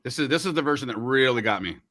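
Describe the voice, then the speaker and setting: In a medium-pitched voice, a man speaks rapid-fire while hosting a relaxed livestream from a radio studio. He's animated and joking, chatting between bites of food.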